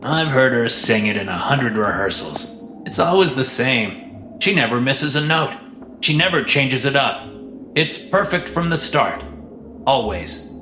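A man's voice: mid-range voice, expressive, unhurried, echoey room, voice pushed up, natural voice. A man doing a tipsy, sardonic scientist. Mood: weary. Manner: sardonic, groaning, boozy. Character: weary, tipsy male scientist, sardonic and grumpy. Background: music.

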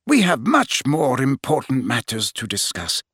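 A man voicing an elderly male headmaster who speaks in a measured, gently exasperated way. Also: medium pitch, wildly swooping pitch, breathy edge, no room sound, clean studio sound, heavily acted. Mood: patient.

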